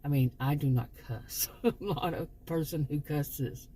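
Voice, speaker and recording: A woman's voice: deep voice, measured pace, dark tone, slight background noise. A woman hosting her own channel, telling a personal story in a chatty, rambling way with frequent restarts. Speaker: channel host, former sociology teacher. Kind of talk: casual storytelling monologue.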